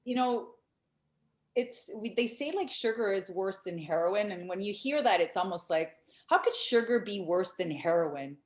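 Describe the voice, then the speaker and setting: A woman hosts an interview in an echoey room. She talks in a chatty, quick way and laughs easily. Her voice sits at a middle pitch. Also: expressive. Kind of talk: interview conversation.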